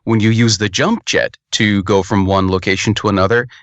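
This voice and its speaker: A man's voice: lowish voice, fairly even intonation, normal speed, dry recording, dull audio. A man co-hosting a podcast, reviewing a game in rambling, casual, sometimes profane talk with lots of restarts.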